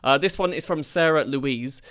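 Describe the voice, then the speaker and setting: A man's voice: fairly high pitch, fairly bright tone, clear, resonant tone. A man hosting a live fundraiser reunion, reading out donations and questions with slight stumbles. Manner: reads out donations, slightly halting.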